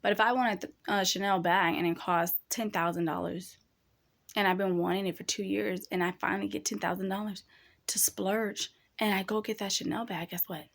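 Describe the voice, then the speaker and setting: A woman's voice: medium pitch, fairly even intonation, moderate pace, gravelly, fairly bright tone. A young woman hosting a casual advice talk, speaking candidly and chattily, addressing listeners as y'all. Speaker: podcast host.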